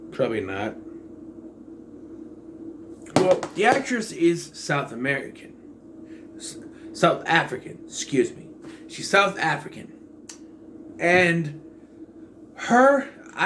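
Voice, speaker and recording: A man talks through a film in a loose, rambling monologue, blunt and sarcastic. His voice sits a little high, and a faint noise runs underneath. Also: a bit bright. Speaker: movie reviewer. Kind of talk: casual movie review monologue.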